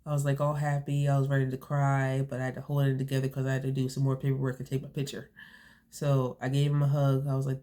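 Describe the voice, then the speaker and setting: A woman's voice: extremely low pitch, monotone, fast talker, mellow. A young woman vlogging casually to her viewers, rambling with lots of fillers and restarts, a bit sniffly from allergies. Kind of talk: casual storytelling to camera.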